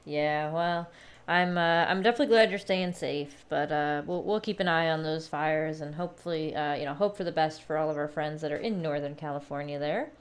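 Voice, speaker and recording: A woman hosting a casual online movie night chat, laughing often and filling pauses with "uh". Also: low-pitched. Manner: giggly, frequent laughs and fillers. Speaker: host.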